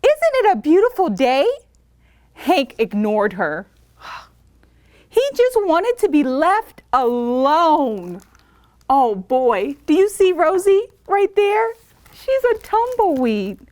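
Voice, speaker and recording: A librarian reads a picture book aloud to children at story time, her voice high and her pace slow, on a dry recording. She reads animatedly and stops to ask the kids questions.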